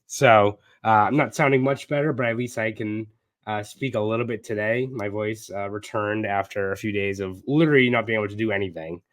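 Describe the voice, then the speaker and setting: A man's voice: fairly low pitch, brisk, no echo. Congested, sardonic man with a cold. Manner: sardonic, profane. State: sick, congested voice. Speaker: podcast host. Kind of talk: casual sports podcast chat.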